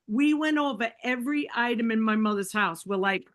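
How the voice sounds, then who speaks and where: Animated, fairly high-voiced woman storyteller. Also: normal speed, hardly any pauses. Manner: animated, acts out quoted dialogue; fillers like "like" and "right?". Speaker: podcast guest. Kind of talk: casual personal storytelling.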